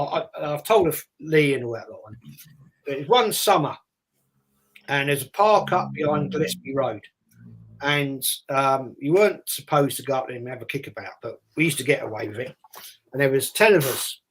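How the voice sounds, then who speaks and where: A man's voice: mid-range voice, expressive, moderate pace, a bit bright, husky. An older man from England with a London accent, hosting a casual chat and telling rambling childhood stories. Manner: rambling anecdotal storytelling with acted-out voices. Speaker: host.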